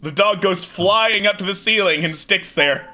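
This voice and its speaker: A man's voice: sits high, normal speed, background noise. A man narrating a tabletop game as game master, playful and often laughing.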